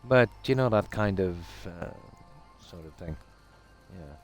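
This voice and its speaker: A middle-aged man from Ireland with a Midlands accent, a game streamer chatting casually and ramblingly with his viewers in a relaxed, self-deprecating way. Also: low-pitched, unhurried, soft background music. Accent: Irish Midlands.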